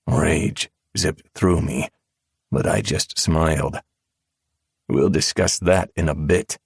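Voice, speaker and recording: A man narrating a first-person audiobook in a calm, cold drawl. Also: rumbling low, slow, slightly rough, dry recording, studio quality.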